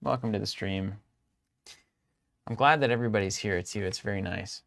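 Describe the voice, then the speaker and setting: A young man with a fairly low voice, chatting casually on a game livestream. He jokes freely, riffs on side topics, and calls out viewers in the chat by name. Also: moderate pace, vocal fry. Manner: joking, animated, greets chat viewers. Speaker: stream co-host.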